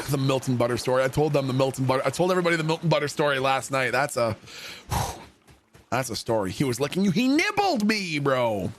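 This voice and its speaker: A man's voice: mid-range voice, quick pace. A man streaming a game, telling stories in a casual, profane way and often breaking into laughter. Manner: profane, laughing, swings into loud shouted impressions. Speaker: livestreamer. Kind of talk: casual storytelling while gaming.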